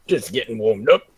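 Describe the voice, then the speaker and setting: A man playing a tabletop game, talking casually in a laid-back, halting way. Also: lowish voice, dry recording. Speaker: player.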